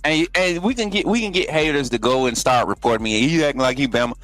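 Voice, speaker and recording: Over faint background music, a fast-talking man with a medium-pitched, slightly bright voice and lively intonation hosts a live stream. He keeps things loose and chatty with his viewers and live chat before prank-calling someone as a polite recruiting coach.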